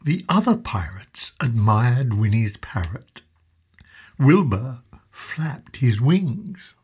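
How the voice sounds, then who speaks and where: A woman narrating a children's storybook in an expressive, slow storytelling manner. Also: rumbling low, breathy edge.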